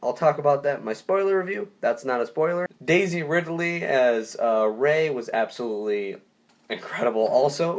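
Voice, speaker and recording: A young man giving a casual spoken movie review, enthusiastic and rambling, often stopping to restart a sentence. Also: mid-range voice.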